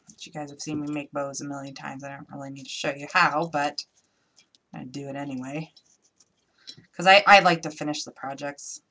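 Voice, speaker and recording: A woman's voice: deep voice, normal speed, long pauses, sharp tone. A woman chatting to viewers as she demonstrates a craft project in a casual live tutorial. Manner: chatty, talks to viewers while working.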